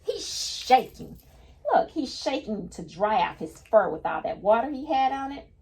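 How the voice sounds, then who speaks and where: A woman's voice: a little high, sing-song, a little slow, a little mellow. A woman reading a picture book aloud to children, patiently stopping to explain each new word in simple terms. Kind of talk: children's read-aloud lesson.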